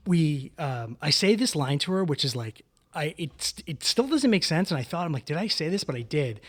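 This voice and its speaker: A man's voice: a little high, very animated, normal speed. Swearing, rambling male podcast storyteller. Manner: swears freely, rambling with fillers and restarts; acts out other people's lines in a raised voice. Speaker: podcast co-host. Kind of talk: casual storytelling chat.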